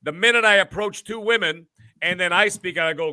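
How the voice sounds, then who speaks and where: A man co-hosting a podcast, ranting loudly with crude jokes in casual banter. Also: sits high, a little fast, no room sound. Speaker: podcast co-host.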